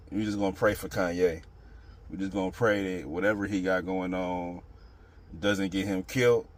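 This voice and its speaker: Low-voiced man rambling in slang. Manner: rambling, street slang, repeats "you know what I'm saying". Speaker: channel host. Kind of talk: casual opinion monologue.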